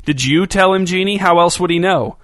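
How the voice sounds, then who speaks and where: A woman's voice: fairly low pitch, fairly quick, fairly bright tone, no echo, voice pushed up, natural voice. Storybook woman on the run, restless, blunt, impatient questions, read by a man, dry close sound. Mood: agitated.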